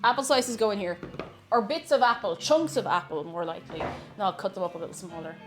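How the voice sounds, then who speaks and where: A woman's voice: mid-range voice, quick pace, soft background music. A woman chatting casually while she cooks on a live stream, giggly and talkative, reading out chat messages. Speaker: cooking streamer.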